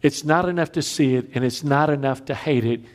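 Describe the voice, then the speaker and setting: A man preaching a sermon, telling stories with big swings between loud raised lines and quiet emphatic drops. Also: medium pitch, fairly quick. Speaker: pastor.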